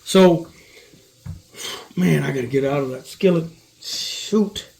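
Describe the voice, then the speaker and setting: A man's voice: fairly high pitch, normal speed, gravelly, mellow. A man hosting a home cooking show, talking loosely to viewers with jokes and cussing while his eyes water from onions. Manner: loose, joking and profane, talks to viewers. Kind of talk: casual cooking chat. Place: home kitchen. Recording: echoey room, from far off.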